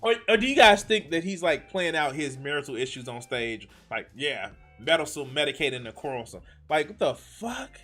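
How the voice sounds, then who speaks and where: A man with a higher voice reacts on a live stream, his pitch swinging widely as he swears and sounds exasperated. He breaks off and restarts sentences often, and his sarcasm cuts through. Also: very animated, moderate pace, few pauses, fairly bright tone, faint music behind. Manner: trails off and restarts mid-sentence.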